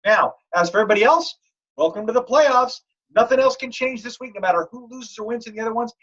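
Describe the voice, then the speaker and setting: A man's voice: very high voice, fast. Joking man with lo-fi sound. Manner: joking, animated storytelling. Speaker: fantasy football league host. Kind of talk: casual podcast chat. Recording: dull lo-fi audio.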